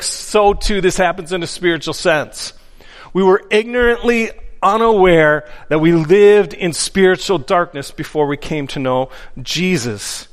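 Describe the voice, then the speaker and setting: A man's voice: high voice, fairly bright tone. A man preaching a sermon from the pulpit, earnest and emphatic, repeating his key phrases for weight. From Upper Midwest of the US. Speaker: pastor. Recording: long hall reverb.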